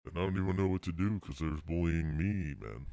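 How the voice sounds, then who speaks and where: A man's voice: sits low, brisk, vocal fry, dark tone, no room sound, studio quality. A man hosting a podcast, ranting in a casual, rambling, profane comedic way. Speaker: podcast host.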